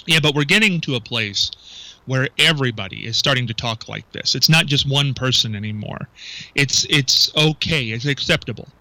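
A man's voice: mid-range voice, moderate pace, bright, forceful tone, no room sound, poor audio. A male radio talk show host, chatting with his co-host, incredulous and full of rhetorical questions. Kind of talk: local talk radio banter. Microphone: studio microphone.

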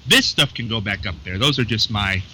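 A man's voice: fairly low pitch, expressive, heavy background noise. A man hosting a casual local radio show from a small studio, joking loosely with his co-host and callers. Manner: loose, chatty, joking, reads phone numbers slowly.

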